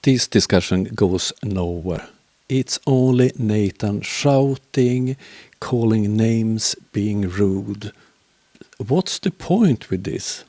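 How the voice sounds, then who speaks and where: Commentator, male: slow, dark-toned, dismissive voice-over. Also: on the low side, lively intonation, no echo. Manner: dry, dismissive remarks.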